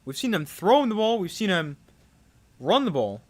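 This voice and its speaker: A young man giving live play-by-play commentary on a football game, growing excited on big plays. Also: sits high, normal speed. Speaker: play-by-play streamer.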